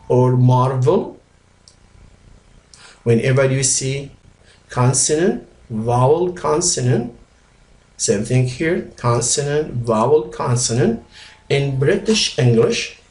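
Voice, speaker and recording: A man's voice: medium pitch, a little mellow. A man who speaks English as a second language, teaching English grammar from slides, patiently and repetitively, with small grammar slips. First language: Arabic. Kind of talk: slide-based grammar lesson. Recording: roomy echo.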